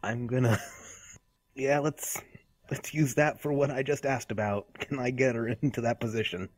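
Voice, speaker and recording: A man playing a tabletop game, wry and quick to laugh. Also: mid-range voice, fairly even intonation, dry recording. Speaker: player. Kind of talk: casual tabletop play.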